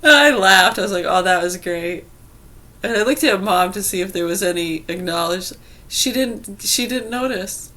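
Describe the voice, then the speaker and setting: A woman talks straight to her audience in a casual vlog, telling a story. She is chatty and laughs often as she acts out the voices of the people in it. Her pitch sits in an ordinary middle range for a woman. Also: moderate pace. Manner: chatty, laughing, animated retelling. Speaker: vlogger.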